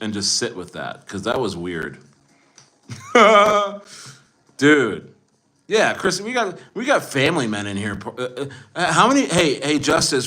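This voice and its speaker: Forty-something guy on a livestream bragging to chat, rambles and restarts a lot, average pitch. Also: sharp tone. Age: 40s. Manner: boastful, rambling, frequent restarts.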